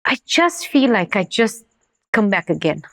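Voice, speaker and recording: A woman's voice: mid-range voice, sing-song, measured pace, a bit bright. A woman from Romania, speaking earnestly in broken English as an interview guest sharing her personal testimony.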